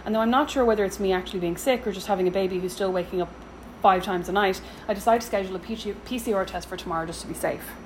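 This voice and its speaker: Brisk wry woman reading a spending diary. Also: mid-range voice, slight background noise, poor audio. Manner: wry, dry sarcastic asides. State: sore throat and cough. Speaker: vlogger reading her weekly spending diary. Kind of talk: scripted diary narration.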